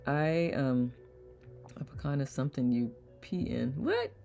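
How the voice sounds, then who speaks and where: Woman host, low gravelly voice, playful live chat, faint music behind. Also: big pitch swings, measured pace, warm tone. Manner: playful, laughs often, repeats words aloud. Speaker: host of online community circle. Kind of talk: casual live-stream chat reading comments.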